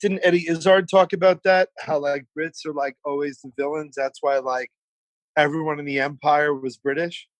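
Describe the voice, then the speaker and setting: A chatty man in his forties talks animatedly and swears freely as a podcast guest. His voice sits somewhat high for a man. The recording is dry and close. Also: steady tone, moderate pace, no room sound, rough recording. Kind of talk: casual chat. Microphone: remote call setup.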